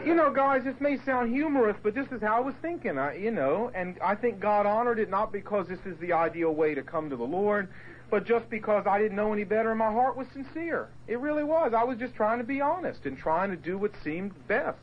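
A man from the Portsmouth, Virginia area telling his conversion story to a group, storytelling with lively voiced quotes and asides. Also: high-pitched, fairly quick, lo-fi sound, slight background noise. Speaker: speaker giving his testimony. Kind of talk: animated personal testimony to a group.

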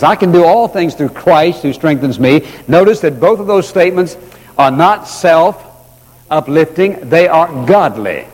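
A man preaching a sermon in an earnest way, slowing down and repeating key phrases for emphasis. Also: fairly high pitch, expressive, a little mellow. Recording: long reverb of a large hall.

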